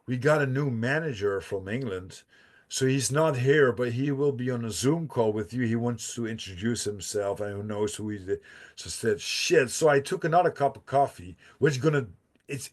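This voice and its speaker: A man's voice: mid-range voice, animated, normal speed. A man, a podcast guest telling a profane, rambling story with laughs and restarts. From Netherlands. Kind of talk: casual storytelling.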